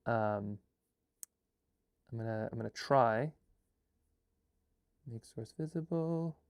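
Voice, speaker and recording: A man hosting a casual live chat, brainstorming a story in an excitable, rambling way, full of fillers and restarts. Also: mid-range voice, takes it slowly, clear, resonant tone, no room sound, studio quality. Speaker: host and filmmaker.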